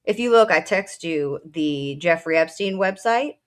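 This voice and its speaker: A woman's voice: on the low side, lively intonation, unhurried. A woman co-hosting a casual political talk show, a military veteran who speaks bluntly and emotionally, swearing at times. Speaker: co-host.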